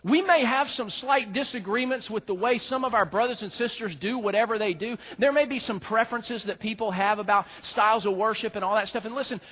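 A man preaching a sermon as a pastor, folksy and joking, with animated storytelling. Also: high-pitched, fairly quick, few pauses.

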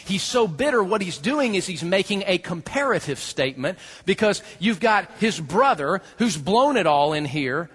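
A man delivering a sermon with a husky, slightly high voice. He preaches dynamically, dropping to near hush before climbing to loud, emphatic peaks. The sound rings with the long reverb of a large hall. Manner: dynamic preaching, swings from hushed to shouting. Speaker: pastor.

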